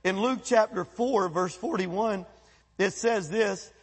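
A man preaching a sermon as pastor, animated, breaking into quoted voices and asides. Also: high voice, slow pace, breathy edge, long reverb tail. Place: church sanctuary.

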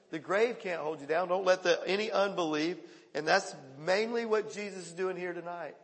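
A male pastor preaching a sermon, swinging between loud calls and hushed quoted lines. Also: high-pitched, moderate pace, big-room sound.

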